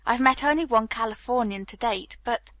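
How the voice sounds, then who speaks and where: A woman reading as a proper young Boston gentleman. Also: fairly high pitch, normal speed, no echo. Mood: earnest. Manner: formal, earnest, a bit stiff.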